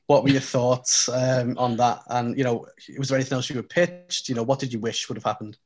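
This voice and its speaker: A man's voice: medium pitch, brisk, darkish tone. A man hosting an interview, asking long questions with many "um"s and "you know"s. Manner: hesitant, filler-heavy questioning. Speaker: interview host.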